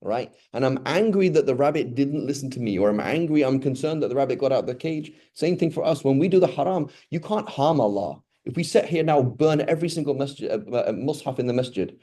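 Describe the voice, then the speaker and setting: A man's voice: medium pitch, a little fast, hardly any pauses. Man giving a chatty mosque lesson. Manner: chatty, animated, asks the audience questions. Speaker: teacher giving a talk in a mosque. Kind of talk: informal religious lesson.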